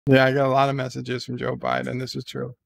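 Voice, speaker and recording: Gravelly-voiced man hosting a casual stream. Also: mid-range voice, fast talker. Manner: jokey, deadpan, with frequent fillers. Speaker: livestream host. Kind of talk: casual livestream chat, reading viewer letters.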